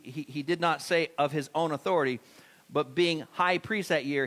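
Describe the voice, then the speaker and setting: Male pastor, middle-aged, casual sermon delivery in a church with questions to the room, voice on the high side. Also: fairly bright tone. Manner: conversational preaching, questions to the congregation. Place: church sanctuary.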